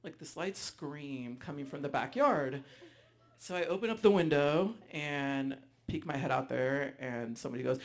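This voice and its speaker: A man telling a personal story live on stage, animated, acting out voices, with frequent ums. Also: fairly high pitch, unhurried. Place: stage before a live audience.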